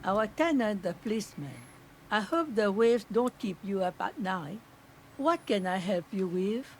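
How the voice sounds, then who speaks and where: A woman's voice: mid-range voice, animated, unhurried, slight background noise, natural voice. A woman playing a stern old grandmother. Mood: wary. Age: older. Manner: blunt, stubborn and scolding.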